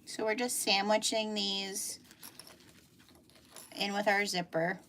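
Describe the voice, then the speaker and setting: A middle-aged woman with a Pennsylvania Dutch accent, chatting as she sews through a live tutorial and thinks out loud about each step. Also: medium pitch, little pitch movement, slow pace. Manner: chatty, thinking aloud while sewing. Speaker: sewing instructor. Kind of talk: live sew-along tutorial. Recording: noisy room with machine clicks.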